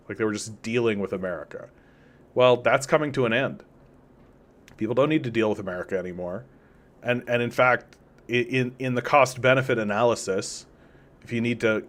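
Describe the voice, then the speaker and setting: A man hosting an unscripted political commentary stream, talking casually and rambling, reading chat comments and acting out imagined quotes in mocking voices. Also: mid-range voice. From Canada.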